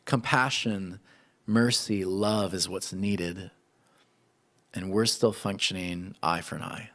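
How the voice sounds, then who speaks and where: A man preaching a sermon in an animated, conversational way. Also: low-pitched, slow. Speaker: pastor.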